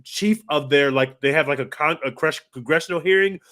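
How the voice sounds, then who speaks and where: Excitable man, high voice, casual podcast reviewer who swears and gushes. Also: fairly quick. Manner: excitable, gushing, swears freely. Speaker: podcast co-host. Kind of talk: casual film review chat.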